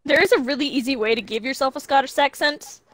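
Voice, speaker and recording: A woman's voice: sits high, quick pace, fairly bright tone, no echo, faint music behind. A woman chatting casually and teasing her friends while streaming a game for charity. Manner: playful, teasing. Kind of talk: casual gaming chat.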